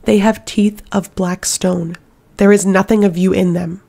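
A woman's voice: mid-range voice, steady tone, gravelly, warm tone. A woman voicing a shaken young servant girl. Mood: horrified. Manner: halting, shaken, breaking into sobs. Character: young frightened servant girl, fiery temper.

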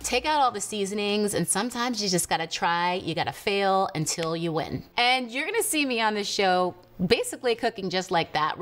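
Bubbly chatty woman host. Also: mid-range voice. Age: adult with a teen daughter and a baby. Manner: bubbly, laughs often, chatty asides. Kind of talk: casual chat to camera.

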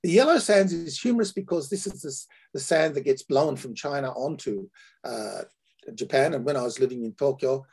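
A man with an Australian accent giving an academic lecture, halting with frequent fillers and restarts. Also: medium pitch, darkish tone, slightly rough.

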